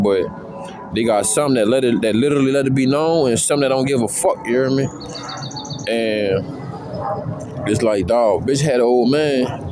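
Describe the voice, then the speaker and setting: A man's voice: mid-range voice, background noise. Guy rambling on, slangy and cussing, birds chirping faintly behind. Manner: slangy, profane, rambling storytelling. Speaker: vlogger. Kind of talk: casual monologue.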